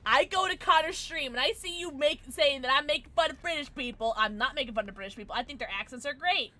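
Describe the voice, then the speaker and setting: A tipsy woman livestreaming a game, chatting casually with her viewers, giggling and breaking into loud squeals and shouts. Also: sits high, fast talker, a little hiss or hum. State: tipsy from drinking. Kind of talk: casual livestream chat while gaming.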